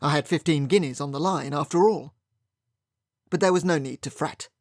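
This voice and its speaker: A man's voice: on the high side, moderate pace, no echo, clean studio sound. A man narrating a first-person mystery audiobook in a wry, sardonic manner.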